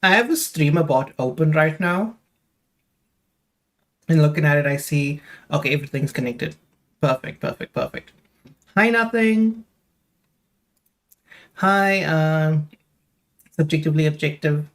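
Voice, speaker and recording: A man's voice: on the high side, a little slow, long pauses, a bit bright. Chatty young man rambling to his stream. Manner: rambling, chatty, talks straight to chat with many fillers. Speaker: live streamer. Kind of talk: casual live-stream chat.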